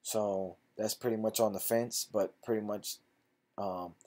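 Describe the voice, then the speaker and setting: Male investing host, lower voice, casual stock-analysis read with clipped figures and relaxed asides. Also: unhurried. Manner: reads figures aloud in clipped phrases, then chats loosely.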